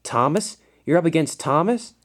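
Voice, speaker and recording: A man puts on a raised, lively voice for a cheerful little narrow-gauge engine. He teases his friend in a casual, wry way. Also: fairly high pitch, normal speed, voice pushed up.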